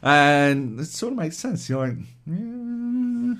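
A man's voice: on the high side, sing-song, normal speed, a bit bright. A man co-hosting a podcast, ranting animatedly and swearing a lot in casual chat. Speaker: podcast co-host.

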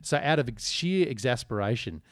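A man with an Australian accent co-hosting a podcast, chatting in a relaxed, rambling way with dry humour. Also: medium pitch, moderate pace, no room sound. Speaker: podcast co-host. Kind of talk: casual chat.

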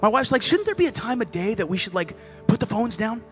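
High-voiced man preaching a lively sermon. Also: fast talker, soft background music. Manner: animated, conversational preaching that swings between loud exhortation and hushed asides.

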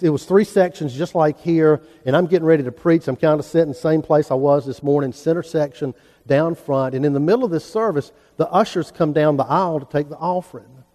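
Folksy preacher in a reverberant church. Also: male voice, a little high, dark tone. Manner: storytelling, folksy, earnest. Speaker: pastor. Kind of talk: sermon. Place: church sanctuary.

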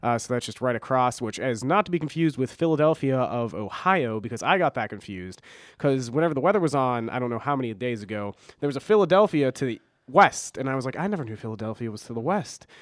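A man's voice: mid-range voice, animated, quick pace, a bit bright, no echo, studio quality. A young man with a stuffy cold, co-hosting a casual college radio show, rambling and correcting himself with jokes. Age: young adult. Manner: rambling, self-correcting, jokey. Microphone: studio mic.

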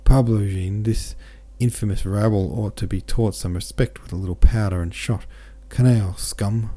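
A man's voice: lowish voice, steady tone, brisk, mellow, lightly acted. A man voicing an ill, imperious old aristocrat who speaks in a haughty, commanding tone in an audiobook reading. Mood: furious.

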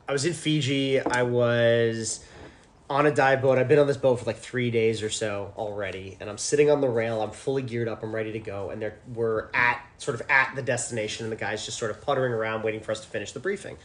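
A man's voice: mid-range voice, a little fast. A man co-hosting a diving podcast, telling a story in casual chat and acting out the people in it. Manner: animated storyteller who acts out the people in his stories. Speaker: podcast co-host, dive instructor.

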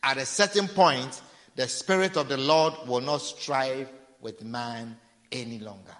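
A man's voice: medium pitch, unhurried, fairly bright tone. A man preaching a sermon, repeating phrases and acting out people's pleas. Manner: preaching with repetition and acted-out pleading. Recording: long reverb of a large hall.

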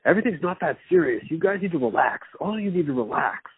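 A preachy young male delivery guy with an exaggerated slangy drawl, loudly pushing everyone to chill, as a man mimics him. His voice sits higher and louder than the speaker's own. The sound is thin and phone-like, with a dry, close feel. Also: animated, fast, breathy edge, dry recording, exaggerated voice. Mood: pushy. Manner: loud and pushy, telling everyone to relax.

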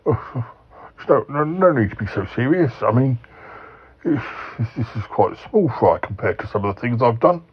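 A man voicing a bumbling male yeti uncle who stammers out apologies in a raised, husky voice. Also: mid-range voice, expressive, moderate pace. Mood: pleading. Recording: dull lo-fi sound.

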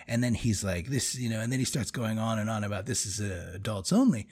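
A man in his forties telling a story in casual conversation, animated and laughing often between phrases. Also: lowish voice, fairly quick, hardly any pauses, husky.

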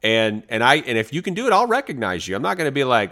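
A man co-hosting a casual podcast chat, his pitch swinging widely as he gets excited. He jumps in with bursts of enthusiasm and restarts his sentences often. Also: fast. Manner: animated, excitable, frequent restarts. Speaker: podcast co-host.

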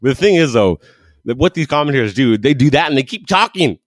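A young man co-hosting a casual sports podcast, animated and laughing often, breaking into long shouted goal calls. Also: medium pitch, fast, dry recording, clean studio sound. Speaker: podcast co-host. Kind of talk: casual chat.

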